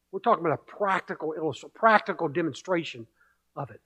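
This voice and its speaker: A man's voice: fairly high pitch, lively intonation, brisk, long pauses, a bit bright, slightly rough. A male pastor preaching a sermon, emphatic, repeating key phrases and building with rhetorical questions.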